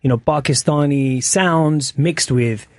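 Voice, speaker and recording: A man from London, a musician guest explaining his album in a casual radio interview, relaxed and full of "you know". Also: on the high side, slow, no room sound, clean studio sound.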